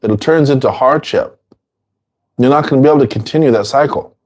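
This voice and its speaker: A man giving an informal dharma talk, casual and repetitive, sometimes acting out quoted people in a higher voice. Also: brisk, a little mellow. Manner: casual, repeats phrases, acts out quotes in a high voice. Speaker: dharma teacher.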